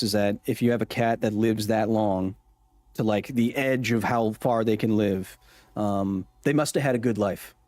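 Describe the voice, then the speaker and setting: A man's voice: mid-range voice, a little mellow, dry recording. Joking man chatting with his livestream viewers. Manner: joking, reads and answers chat messages. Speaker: livestream host. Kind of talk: casual gameplay livestream chat.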